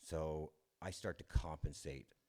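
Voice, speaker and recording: A man's voice: very deep voice, fairly even intonation, dark tone. A man giving a candid, self-deprecating personal testimony, chuckling often and restarting his sentences. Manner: halting restarts. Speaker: speaker sharing his recovery story.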